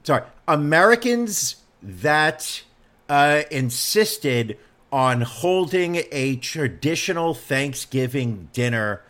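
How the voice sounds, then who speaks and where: Joking man trading quick one-liners. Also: a little high, sing-song, fairly bright tone. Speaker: podcast co-host. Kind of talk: casual banter.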